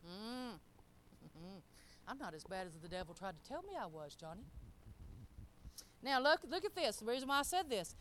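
A middle-aged woman preaching a sermon. She speaks in a folksy, emphatic way and swings between loud and soft. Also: mid-range voice, very animated, normal speed.

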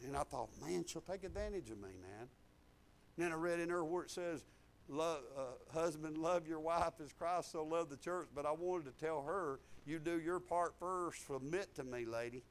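A middle-aged man delivering a sermon in a notably high voice. He swings from shouted declarations down to quiet, confiding asides, and tells stories in a folksy way. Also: animated, normal speed. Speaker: preacher. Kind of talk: testimony sermon.

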